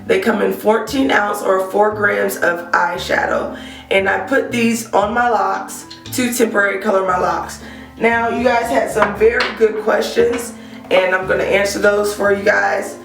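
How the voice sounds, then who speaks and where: A woman's voice: mid-range voice, steady tone, unhurried, vocal fry, a bit bright, far from the mic. A woman vlogger with a cold gives a casual product review, her voice scratchy as she talks straight to viewers. She speaks a little away from the mic in a roomy space. Faint guitar music plays underneath. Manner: chatty, addresses viewers directly, frequent ums. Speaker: hair care vlogger.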